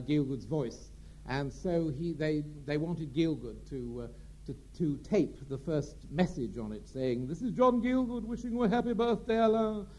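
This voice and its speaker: Chatty, halting male raconteur. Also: fairly high pitch, warm tone, a little hiss or hum. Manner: chatty, hesitant with many fillers. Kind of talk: anecdote telling.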